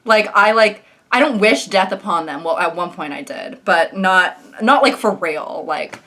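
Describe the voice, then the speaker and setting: A woman's voice: medium pitch, animated, unhurried, a bit bright. A young woman giving sarcastic comedic commentary on social media posts, mocking them and slipping into exaggerated voices. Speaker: commentary YouTuber.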